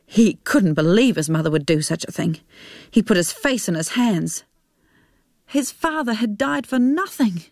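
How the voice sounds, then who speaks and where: A woman reading a short story aloud as narrator, in a measured, steady way. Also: lowish voice, no room sound, clean studio sound.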